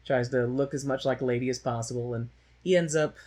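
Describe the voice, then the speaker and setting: A man's voice: mid-range voice, fairly even intonation, fast talker, a little mellow. A man co-hosting a podcast, recapping a musical in rambling, jokey casual chat with the odd mocking put-on voice. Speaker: podcast co-host.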